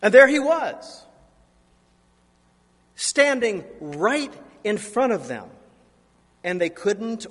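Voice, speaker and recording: A man's voice: fairly high pitch, fairly bright tone, slightly rough, in a large hall. A man in his forties, a pastor preaching a sermon in a church, telling stories in a self-deprecating way. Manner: anecdotal, self-deprecating storytelling. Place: church sanctuary.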